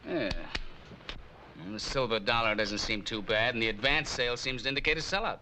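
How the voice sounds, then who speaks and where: A man's voice: mid-range voice, a little fast, bright, forceful tone, slight background noise. An actor playing a weary, sardonic male show manager who talks in a dry, grumbling way. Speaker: manager and accompanist.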